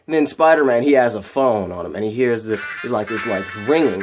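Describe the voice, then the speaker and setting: A man hosting his channel, excitedly retelling an action story in long, rambling run-on sentences. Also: lowish voice, a little fast, hardly any pauses. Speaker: channel host. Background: music.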